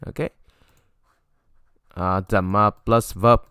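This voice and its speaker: A man teaching a language lesson, stopping often to say "okay" and repeating example phrases in a louder voice. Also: fairly low pitch, steady tone, takes it slowly, clear, resonant tone, no echo, clean studio sound. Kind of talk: explaining a textbook lesson.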